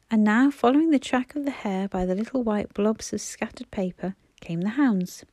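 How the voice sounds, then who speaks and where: Woman narrator, measured audiobook reading, warm tone. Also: mid-range voice, dry recording. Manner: steady, measured storytelling.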